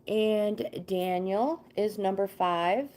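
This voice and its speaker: Speaking extremely slowly in a medium-pitched, darkish voice, a woman hosts a casual livestream, greeting viewers by name. She reads tarot cards in a chatty way and gets sidetracked easily.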